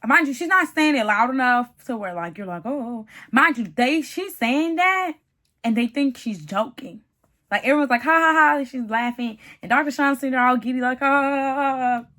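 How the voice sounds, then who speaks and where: A woman giving a casual, animated reality-TV recap, chatty and calling the viewer "honey" and "baby". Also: high voice, fairly quick. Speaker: TV show reviewer.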